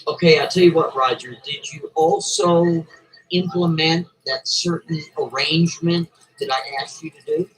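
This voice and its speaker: A man voicing a commanding male company boss who gives brisk, businesslike orders in a told story. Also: on the high side, natural voice, low-quality recording.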